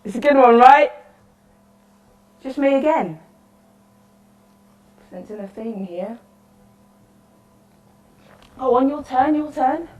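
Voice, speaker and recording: This woman's voice is high-pitched, animated and darkish, moving slowly with long pauses over lo-fi sound in an echoey room, as if from far away. Her solo interactive theatre monologue portrays a lonely, chatty woman at the end of the world who rambles, apologizes and sounds nervously cheerful.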